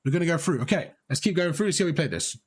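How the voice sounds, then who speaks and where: Coaching live over gameplay, this man walks a player through things step by step with plenty of encouragement and repetition. His voice is on the high side, animated and racing, with a breathy edge.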